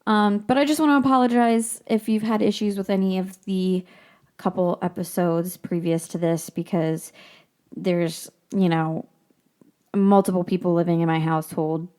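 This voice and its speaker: A woman's voice: fairly low pitch, steady tone, normal speed, darkish tone. A young woman hosting her own podcast from home, chatting casually and rambling, with frequent laughs and casual swearing. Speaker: podcast host. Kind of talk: casual solo podcast chat.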